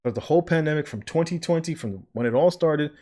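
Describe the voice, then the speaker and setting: A man's voice: fairly high pitch, lively intonation, quick pace, a little mellow. A man who works as a nurse, talking through video commentary in a casual, sarcastic, rambling way and mimicking the people he disagrees with.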